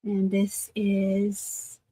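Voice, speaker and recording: A woman from Arizona hosting a casual live unboxing of thrift finds, chatty and quick to laugh at herself. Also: medium pitch, completely flat delivery, dark tone, a little hiss or hum. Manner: chatty, laughs easily, self-deprecating asides. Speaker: reseller host.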